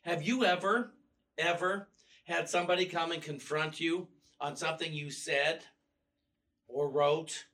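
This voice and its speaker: A man's voice: a little high, steady tone, unhurried, a bit bright, far from the mic. A male minister giving a casual, storytelling sermon with wry humor, often restarting his sentences. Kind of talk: conversational sermon. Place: church.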